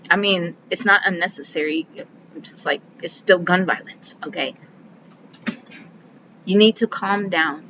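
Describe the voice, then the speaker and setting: A woman giving a casual, earnest book review who talks herself through her worries and slows down to list key terms. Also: on the low side, fairly bright tone, muffled recording, a little hiss or hum.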